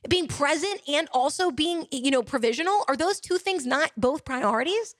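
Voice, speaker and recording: A woman hosting a solo podcast, talking with passion, repeating phrases and asking rhetorical questions, sometimes dropping to hushed tones. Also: sits high, animated, normal speed, dry recording, clean studio sound. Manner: drops to soft, hushed tones. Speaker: podcast host.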